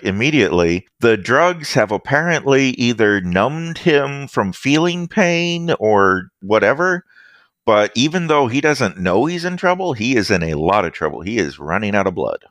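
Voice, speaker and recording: A man narrating as game master of a tabletop role-playing game, lively and playful. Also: mid-range voice, a little slow, dry recording, studio quality. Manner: lively, doing character lines between narration.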